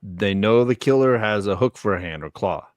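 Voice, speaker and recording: A man with a lowish voice teases the other host and asks pointed questions in a blunt, cursing way. His words sound dry and close to the mic. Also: animated, normal speed, no echo. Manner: teasing, blunt, swears.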